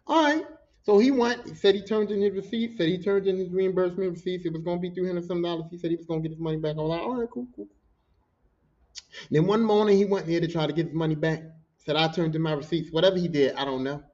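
A man telling work stories on his podcast in a loose, profane, animated way, acting out what others said. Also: a little high, rapid-fire, muffled recording. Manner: profane, animated, acts out quotes. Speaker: podcast host. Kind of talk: casual storytelling monologue.

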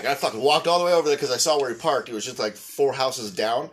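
A man's voice: medium pitch, fairly quick, fairly bright tone, a little hiss or hum. A man around forty telling a rambling, profane story in casual conversation. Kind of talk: casual chat.

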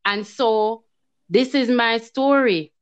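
A woman with a fairly high voice tells a heartfelt personal story, animated and expressive. She slips into her own past words as she tells it. The sound is dry and a little muffled, like a lo-fi recording. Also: slow pace, smooth, dry recording. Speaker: guest telling her story. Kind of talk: emotional testimony in casual chat. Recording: dull, lo-fi sound.

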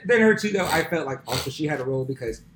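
A man speaking quickly in a casual conversation, his voice sitting a little above the usual pitch. Faint ambience hums behind him as he reflects and laughs along. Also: expressive, background noise. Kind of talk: casual chat.

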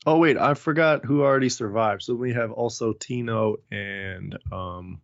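A man's voice: medium pitch, gravelly, no room sound. Easygoing young man who laughs a lot. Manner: easygoing, laughs a lot, lists names slowly. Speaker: podcast co-host. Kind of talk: casual chat. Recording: dull lo-fi dry recording.

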